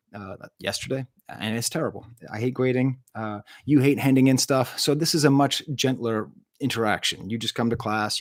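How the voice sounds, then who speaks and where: A man's voice: medium pitch, no room sound, studio quality. A man who teaches French, chatting casually on a livestream, rambling and joking at himself with lots of filler uhs. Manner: rambling, self-deprecating, many filler uhs. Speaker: music reviewer and French teacher. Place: home room.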